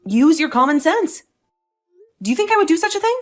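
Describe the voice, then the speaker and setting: A woman's voice: high voice, big pitch swings, brisk, soft background music. A woman playing an indignant, defiant young wife. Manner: indignant, sarcastic. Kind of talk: voiced drama story.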